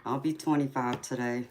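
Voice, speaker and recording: Drawling in a Georgia Southern accent, this very deep-voiced Californian woman in her forties reads tarot during a casual live stream. Her delivery is slow and tender, full of long drawn-out ums, and she calls her viewers sweetheart, while a faint hiss sits under the audio.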